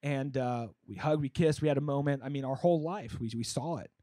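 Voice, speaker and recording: A young man doing a stand-up comedy set in a comedy club, rambling conversationally with lots of fillers and bursting into louder punchlines. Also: medium pitch, brisk, dry recording, studio quality.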